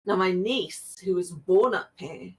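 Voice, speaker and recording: A woman's voice: lowish voice, unhurried, a little mellow, poor audio. A woman, chatting casually with friends at a game table. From England. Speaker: player. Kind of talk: casual chat.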